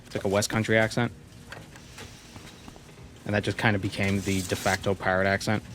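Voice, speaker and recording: A man's voice: fairly low pitch, flat delivery, fairly quick, noisy background. A man streaming a game, chatting casually and reacting aloud to what happens on screen. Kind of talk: casual gameplay commentary. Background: game music.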